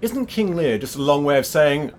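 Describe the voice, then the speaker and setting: An actor playing a pretentious avant-garde theatre director who speaks in clipped pronouncements, often tagged with a questioning "yeah?". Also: male voice, a little high, animated, normal speed, slight background noise, close to an everyday voice. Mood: terse directing. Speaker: self-styled theatre director. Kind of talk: sitcom acting.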